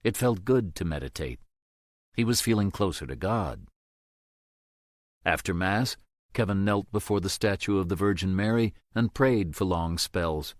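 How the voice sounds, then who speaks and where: A man narrating an audiobook in a steady, measured way. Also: low-pitched, no room sound, studio quality.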